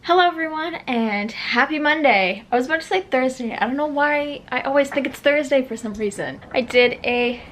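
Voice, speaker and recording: A woman's voice: high-pitched, moderate pace, hardly any pauses, fairly bright tone, soft background music. A woman in her twenties chatting casually to the camera in a vlog, bubbly and giggly. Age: 20s. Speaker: vlogger.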